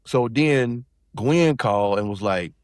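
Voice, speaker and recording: A man's voice: mid-range voice, animated, unhurried, smooth, dry recording, studio quality. A middle-aged man from South Carolina, telling a personal story in loose, rambling casual talk as a podcast guest. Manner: loose, rambling, with many restarts and fillers.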